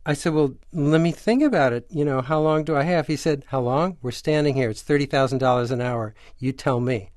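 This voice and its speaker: A man's voice: medium pitch, brisk, few pauses, no echo. An older man shares a story from his career in a radio interview. He brings the quoted people to life as he talks. His voice is recorded close and dry. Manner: animated anecdote teller, acts out quoted voices. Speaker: screenwriter guest.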